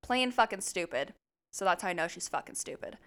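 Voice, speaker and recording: A woman co-hosting a podcast, telling a story in an animated, chatty way and swearing freely. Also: fairly low pitch, fairly quick, smooth. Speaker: podcast co-host. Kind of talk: casual storytelling chat.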